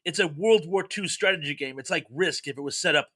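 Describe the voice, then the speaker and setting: A man with a very bright, sharp-edged voice, a bit high, tells chatty anecdotes. His delivery is easygoing and talkative. The recording is dry and close. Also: a little fast, no room sound. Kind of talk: casual chat.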